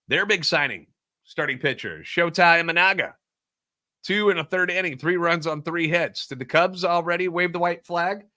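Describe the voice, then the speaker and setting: A man's voice: fairly high pitch, moderate pace, sharp tone. A man hosting a solo sports podcast, ranting sarcastically and animatedly about overreactions. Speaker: podcast host.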